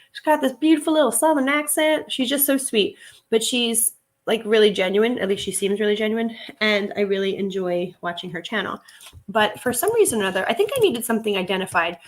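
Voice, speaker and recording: A chatty woman talks through her work on a casual live stream, going through jewelry and gushing over the cute pieces. Her pitch sits in an ordinary middle range, and keys clatter softly behind her. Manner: chatty, gushing over items, reads viewer comments. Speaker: reseller livestream host.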